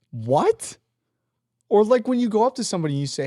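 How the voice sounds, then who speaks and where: A man's voice: sits high, big pitch swings, normal speed, long pauses, mellow, no room sound, clean studio sound. Profane ranting man on a podcast. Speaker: podcast co-host; team leader at work. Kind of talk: casual chat.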